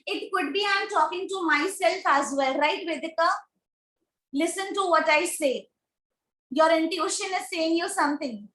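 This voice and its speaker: A woman with an Indian English accent teaches grammar in an online class, speaking slowly and deliberately and repeating her questions to students. Her voice is extremely high and a bit bright, and the room sounds echoey.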